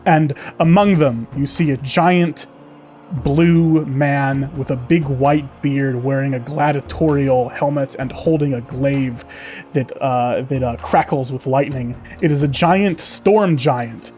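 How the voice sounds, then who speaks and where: A man's voice: medium pitch, steady tone, slow, darkish tone, soft background music. A man narrating as game master, describing scenes vividly with many fillers.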